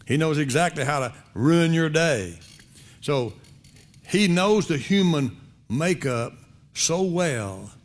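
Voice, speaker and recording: A male pastor preaching a sermon in a conversational, folksy way, repeating phrases for emphasis. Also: medium pitch.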